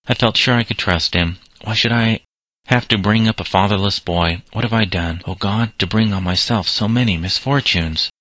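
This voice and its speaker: A man's voice: lowish voice, normal speed, a bit bright, no echo. A man reading the lines of an anxious middle-aged mother, in a plain read-aloud voice.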